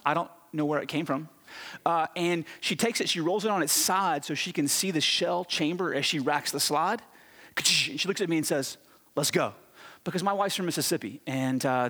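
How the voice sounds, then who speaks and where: Pastor, male, husky, telling a self-mocking story from the pulpit of a large echoing church. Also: a little high. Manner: animated, self-mocking storyteller with quick restarts. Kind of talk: storytelling sermon. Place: church sanctuary.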